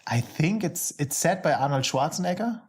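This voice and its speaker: A man's voice: on the high side, animated, moderate pace. A man co-hosting a casual podcast about card games, laughing often and searching for words. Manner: laughs often, hesitant phrasing. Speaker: podcast co-host.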